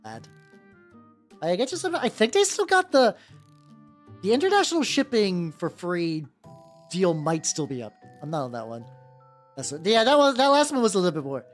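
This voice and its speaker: A VTuber streamer with a lively, high-pitched male voice chats casually while painting miniatures. He talks at normal speed but rambles, stumbles over self-corrections, and leaves long pauses. Soft music plays in the background.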